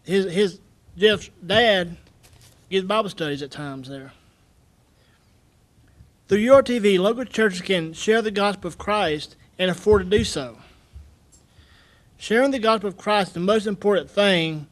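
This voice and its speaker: A man giving an earnest, halting public comment at a county meeting podium, repeating his words as he goes. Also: high voice. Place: county commission meeting room.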